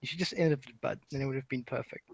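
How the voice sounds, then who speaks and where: A man talking excitably and repeating himself in a casual online group chat. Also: mid-range voice, quick pace.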